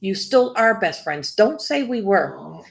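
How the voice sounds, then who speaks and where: A woman psychic medium giving a live reading, her voice carrying a gravelly, fry-edged texture. She rambles and restarts her sentences, breaking into laughs now and then, and her pitch stays in a middling range for a woman. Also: very animated, slow pace. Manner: rambling, self-interrupting, laughs often.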